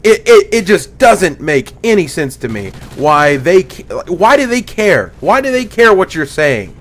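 A man's voice: fairly high pitch, very animated, measured pace, a bit bright. A man hosting a gaming video, ranting indignantly with plenty of profanity. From United States. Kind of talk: gaming commentary rant.

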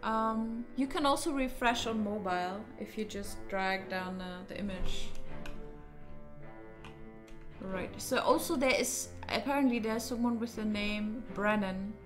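A woman's voice: mid-range voice, moderate pace, hardly any pauses, music in the background. A woman streaming a puzzle game, thinking aloud in a hesitant, casual way, with fillers as she works things out. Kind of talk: casual let's-play commentary.

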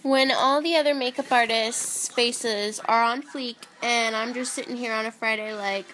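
A tipsy young woman rambles goofily into her phone at home. Her voice is high, bright and clearly stuffy and nasal. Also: fairly even intonation, normal speed, hardly any pauses, soft background music. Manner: goofy, rambling and chatty. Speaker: makeup artist. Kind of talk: casual drunk phone vlog. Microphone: phone camera.

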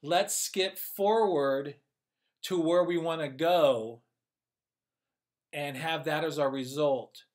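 A man's voice: on the high side, takes it slowly, pauses often. A man as a communication coach, explaining in an upbeat, conversational way and thinking aloud as he goes. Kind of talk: casual instructional video.

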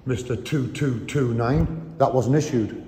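A man's voice: mid-range voice, unhurried, dark tone, roomy sound, in a large hall. A man, filming himself as he argues with police, mocking and swearing. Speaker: vlogger confronting police. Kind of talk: confrontational street filming. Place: police station public area.

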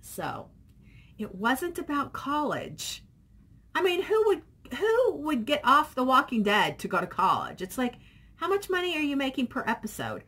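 Middle aged lady vlogger, kinda husky, higher voice, just rambling thru comments. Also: wildly swooping pitch, moderate pace, fairly bright tone. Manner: chatty, rambling, reads viewer comments aloud. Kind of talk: casual chat.

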